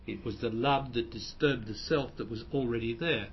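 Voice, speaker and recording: A man's voice: medium pitch, moderate pace, slight background noise. A man who is a spiritual teacher, answering audience questions in a plain, explanatory way and often restarting his phrases. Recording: dull lo-fi recording.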